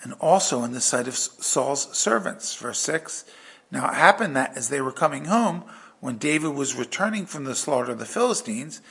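A man preaching a verse-by-verse sermon with an animated delivery that swings from loud emphasis to hushed asides. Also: medium pitch, moderate pace, gravelly. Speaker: pastor.

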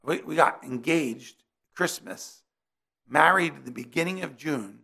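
Man, middle-aged, preacher, sermon, from New Jersey, very gravelly, husky, conversational, personal stories. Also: on the high side, a little slow, pushed and bright.

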